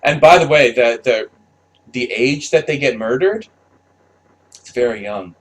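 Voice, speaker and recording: A man's voice: mid-range voice, animated, measured pace, a little hiss or hum. A man delivering an unscripted, blunt monologue with lots of swearing and restarts. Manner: blunt, profane, rambling with restarts. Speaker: commentator.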